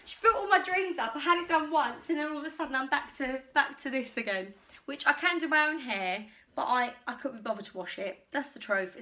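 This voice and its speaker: English woman, bit high and bright, rambly and breathless, trying stuff on at home. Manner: rambling, self-deprecating, talks while changing clothes. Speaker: YouTuber doing a clothing try-on haul. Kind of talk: chatty rambling vlog. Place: home, indoors.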